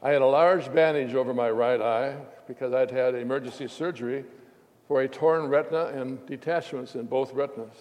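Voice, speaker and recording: A pastor giving a sermon, telling a heartfelt personal story in a reflective way. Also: male voice, medium pitch, moderate pace, darkish tone. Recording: long hall reverb.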